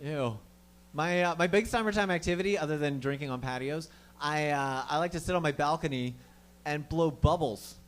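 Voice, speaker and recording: A man's voice: on the high side, fairly quick, fairly bright tone. A man doing a stand-up comedy set on a club stage, telling a rambling, profane, self-mocking story. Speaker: stand-up comic.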